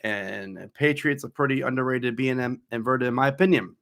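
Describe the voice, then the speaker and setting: A man's voice: mid-range voice, a little fast, gravelly, a bit bright. Chatty man answering viewer questions. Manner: casual, chatty, answers questions aloud then rambles. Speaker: coaster YouTuber host. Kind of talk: live Q&A reading chat questions.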